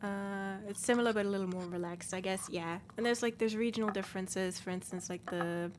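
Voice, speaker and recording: A woman's voice: mid-range voice, fairly even intonation, brisk. Native German woman, northern accent, casual streamer chat full of fillers, faint noise bed. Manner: chatty, explains with many fillers. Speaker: let's play streamer.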